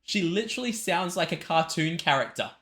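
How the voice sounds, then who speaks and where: A man hosting a music reaction video, excitable and rambling, often restarting his sentences. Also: fairly high pitch, a little fast. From Australia. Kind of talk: casual reaction commentary.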